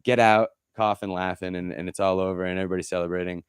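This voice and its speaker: Man, podcast co-host, casual rambling chat, smooth clear voice, dry sound. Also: deep voice, fairly even intonation, fast, no echo. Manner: rambling storyteller, lots of fillers and restarts; mimics people in quoted asides.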